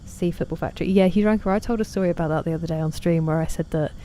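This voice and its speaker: A woman chats through a game stream, talking to her viewers and teasing herself. Her voice sits low and mellow, with a faint hiss underneath. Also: very fast. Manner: chatty, self-deprecating, reads out chat messages. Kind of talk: casual gaming stream chat.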